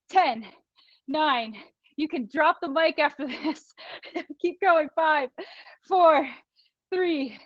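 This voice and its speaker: A woman instructor with a high voice leads an online workout at a relaxed pace. She counts down reps, cheers the class on and laughs easily. The sound is dry and a little dull, like a streamed call. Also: no room sound. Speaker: fitness instructor. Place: small studio room.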